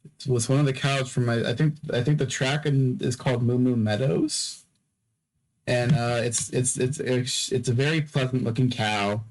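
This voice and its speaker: A man's voice: medium pitch, fairly even intonation, normal speed, a little hiss or hum, rough recording. Drowsy man rambling on a podcast. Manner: repeats words and phrases, stammering restarts; drowsy, yawning between topics. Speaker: podcast host. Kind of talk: casual rambling podcast monologue.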